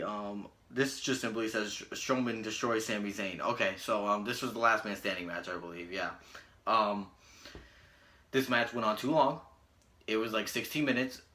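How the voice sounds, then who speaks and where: Crude sarcastic young man, bright voice. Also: fairly low pitch. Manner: crude, sarcastic, full of fillers. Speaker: wrestling show reviewer. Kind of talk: casual review vlog.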